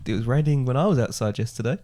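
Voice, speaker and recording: A man's voice: medium pitch, lively intonation, racing, mellow. A young man on a casual family podcast, joking in a dry, teasing way as a quiz contestant. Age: young adult.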